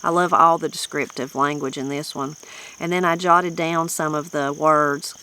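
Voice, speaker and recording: A woman's voice: low voice, fairly even intonation, normal speed, sharp tone, rough recording. A woman with a Southern Appalachian accent, a channel host chatting about a book in a folksy, rambling, reflective way. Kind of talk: casual book-discussion chat.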